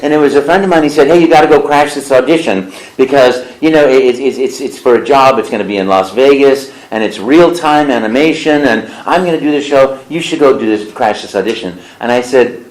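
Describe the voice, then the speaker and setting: A man being interviewed as a voice actor, telling stories in an animated way and slipping into character voices. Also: mid-range voice, brisk, hardly any pauses, reverberant, low-quality recording. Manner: lively storyteller who slips into character voices. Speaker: voice actor guest. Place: convention interview room.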